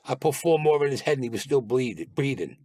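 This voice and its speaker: A blunt man recounts his stories in an interview, with plenty of swearing and acted-out dialogue. His voice sits at an average pitch. The recording is dry and close. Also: expressive, fast, darkish tone, no room sound. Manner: blunt, profane, acts out quoted dialogue. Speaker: guest recounting past crimes. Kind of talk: storytelling interview.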